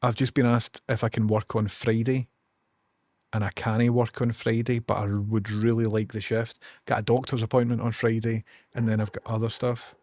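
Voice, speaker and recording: A man's voice: on the low side, flat delivery, normal speed, darkish tone, no room sound. A Scottish man chatting casually on a live stream, swearing and ranting while he multitasks. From Scotland.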